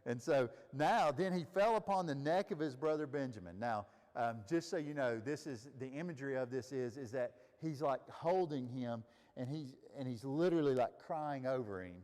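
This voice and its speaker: A man's voice: medium pitch, normal speed, darkish tone, long reverb tail. A man leading a Bible study, teaching casually and asking the group questions. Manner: conversational, asks the group questions. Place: room with a group of listeners.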